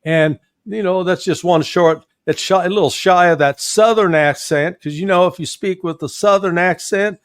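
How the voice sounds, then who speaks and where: A man's voice: high-pitched, moderate pace, few pauses, dry recording. A man with a Midwestern American accent, a guest commentator with a folksy, sardonic manner and frequent chuckles.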